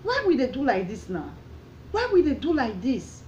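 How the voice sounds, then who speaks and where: A woman's voice: sits high, wildly swooping pitch, moderate pace, a little mellow, muffled recording, slight background noise. A Nigerian woman from Edo State, ranting with passion in a vlog, repeating her questions like a preacher. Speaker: vlogger. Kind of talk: opinion rant.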